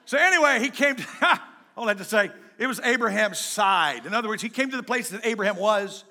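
Bright-voiced pastor joking in a sermon. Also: male voice, high-pitched, lively intonation, brisk. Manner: joking, conversational, swings loud and soft.

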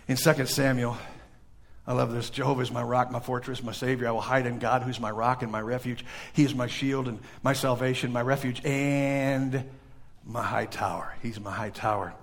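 A male pastor preaching to a congregation in a church, swinging from loud emphatic bursts to hushed, quiet passages. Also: medium pitch, normal speed, creaky. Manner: animated preaching with sudden loud peaks and hushed drops. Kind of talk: sermon.

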